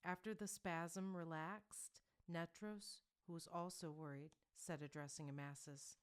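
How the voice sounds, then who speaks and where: A woman narrating a historical romance audiobook in a quiet, low-volume reading. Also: fairly even intonation, unhurried, few pauses, clear, resonant tone.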